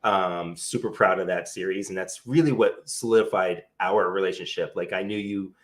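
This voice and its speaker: Host: middle-aged man, low voice, chatty and rambling, warm enthusiasm for his guest. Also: fairly even intonation, normal speed. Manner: enthusiastic, rambling with many fillers. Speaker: interview host. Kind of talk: casual interview chat.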